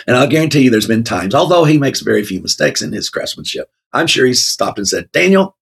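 Gravelly-voiced man rambling about scripture. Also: mid-range voice, animated, fast talker. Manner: rambling, many fillers, laughs often. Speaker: co-host of a Bible talk show. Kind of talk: casual Bible discussion.

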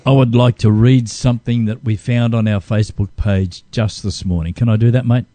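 A man co-hosting a talk show, reading a passage aloud and then interviewing a guest in an earnest, expressive way. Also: medium pitch, a little fast, soft background music. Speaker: co-host.

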